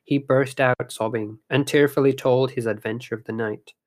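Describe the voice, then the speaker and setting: Male storyteller; measured, dramatic reading of a ghost story. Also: mid-range voice, steady tone. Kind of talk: storytelling narration.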